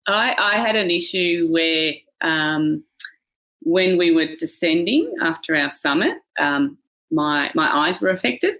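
A middle-aged Australian woman with an Australian accent, a guest speaking in a measured interview voice with small restarts. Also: low-pitched, animated, fairly bright tone, low-quality recording. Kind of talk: interview recollection.

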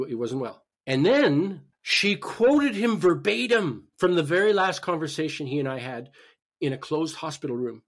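A man, a guest on a talk podcast, telling a personal story in an animated way with frequent restarts. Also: a little high. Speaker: podcast guest, spiritual healer. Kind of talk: personal story told in conversation.

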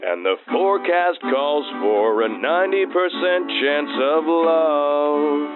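A man's voice: fairly high pitch, animated, slow. A weatherman crooning down a phone line. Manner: crooning earnestly over guitar. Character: lovesick male weatherman singing a voicemail. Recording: tinny phone voicemail with guitar.

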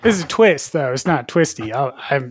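A man's voice: on the high side, lively intonation, brisk, husky, faint music behind. A man co-hosting a comedy podcast in casual chat, hesitant and laughing. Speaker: podcast co-host.

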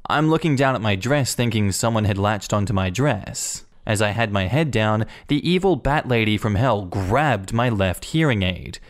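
A man narrating online stories aloud in an even, conversational reading manner. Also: lowish voice, normal speed, hardly any pauses. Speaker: story narrator.

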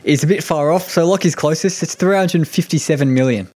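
Relaxed Australian man hosting a chat show. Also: on the high side, fairly quick. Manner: relaxed, hesitant with fillers. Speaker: podcast host. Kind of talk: casual interview hosting.

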